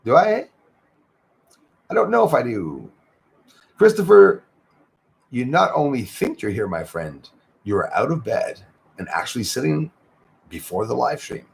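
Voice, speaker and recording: A man's voice: medium pitch, big pitch swings, normal speed, gravelly, long pauses, husky. A man hosting a casual livestream, chatting with viewers, greeting them by name and often saying "eh". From Canada. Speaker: livestream host.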